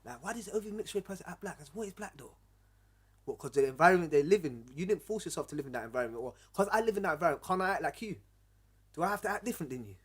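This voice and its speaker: A young man hosting a casual podcast chat, telling stories in an animated, emphatic way. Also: a little high, racing, breathy edge. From Somalia. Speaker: podcast host.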